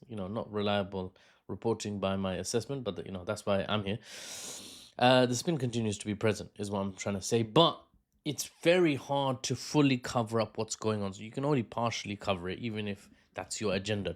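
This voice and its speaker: A man giving casual political commentary, rambling, with frequent fillers and self-corrections. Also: fairly low pitch. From United Kingdom.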